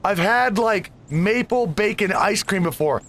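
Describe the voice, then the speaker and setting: High-voiced rambling gaming host man. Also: lively intonation, a little slow, a bit bright, a little hiss or hum. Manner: rambling, easily distracted, chatty asides. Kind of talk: casual let's play commentary.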